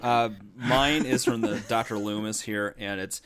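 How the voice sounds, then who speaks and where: Lower-voiced relaxed man on a podcast. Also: unhurried, few pauses, smooth. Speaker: podcast co-host. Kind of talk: casual podcast chat.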